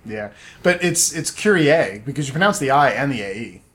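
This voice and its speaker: A man co-hosting a relaxed podcast chat, set at an ordinary middle pitch. He explains at length and wanders from point to point, with plenty of ums and restarts. He talks in a loose, conversational way. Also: moderate pace. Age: adult, studied Latin up to eleventh grade. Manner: chatty, digressive, explains at length with fillers and restarts. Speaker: podcast co-host. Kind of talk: casual chat.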